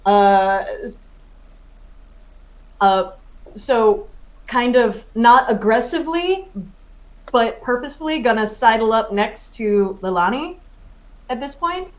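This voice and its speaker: A woman playing a tabletop game, describing her character's actions in a measured way. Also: on the high side, animated. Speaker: player. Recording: dull, lo-fi sound.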